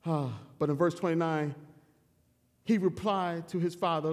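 Man, preacher, sermon, animated, chuckling, long hall reverb, church. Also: a little high, a little slow. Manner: animated and humorous, chuckling through personal stories.

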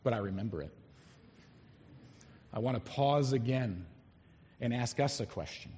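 A man preaching an expository sermon, emphatic and animated, reading scripture aloud and explaining it to a congregation. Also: mid-range voice, a little slow. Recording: long hall reverb.

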